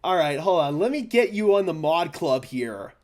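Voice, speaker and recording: A young man hosting a fan live stream, stammering and overwhelmed, swinging from hushed thanks to shouting. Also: a little high, big pitch swings, normal speed. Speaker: fan channel host.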